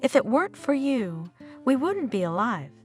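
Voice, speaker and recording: A woman's voice: fairly high pitch, big pitch swings, moderate pace, faint music behind. A woman reading the lines of an anxious, emotional young mother in a story.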